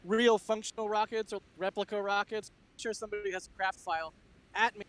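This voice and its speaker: A man's voice: high voice, steady tone, a little fast, a bit bright, rough recording. A man co-hosting a live stream, chatting loosely and joking about himself. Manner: loose and informal, self-deprecating. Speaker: co-host on a panel. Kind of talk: casual live-stream chat.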